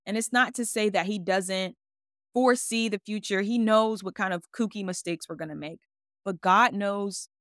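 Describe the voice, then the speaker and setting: A woman's voice: mid-range voice, fairly bright tone, dry recording, clean studio sound. A woman hosting a faith podcast, speaking casually and expressively and acting out her own quoted words. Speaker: podcast host.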